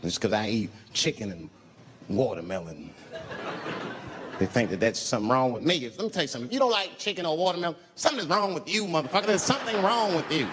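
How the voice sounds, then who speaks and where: A man's voice: fairly high pitch, expressive, quick pace. A man from the United States doing a stand-up routine, telling stories in a loose way with punchy, profane asides. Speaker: stand-up comedian. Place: stage before a laughing audience. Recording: noisy live show recording.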